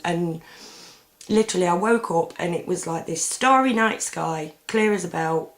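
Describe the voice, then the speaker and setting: Rambling woman with a low-set voice. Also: moderate pace. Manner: chatty, meandering, with frequent ums and restarts. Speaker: vlogger. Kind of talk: casual rambling monologue.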